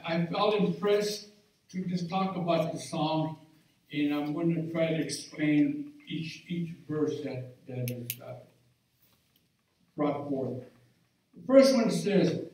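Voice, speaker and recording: A male pastor delivers a fervent sermon at an unhurried pace, building to shouts of praise. His voice sits fairly high for a man. The sound carries through a big, echoing church hall, picked up from some distance. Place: church sanctuary. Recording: echoey church hall from far off.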